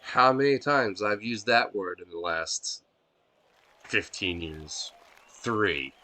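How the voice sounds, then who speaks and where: A man's voice: fairly low pitch, slow, bright, forceful tone. A man streaming a video game live, ranting casually and swearing a lot in a scornful tone.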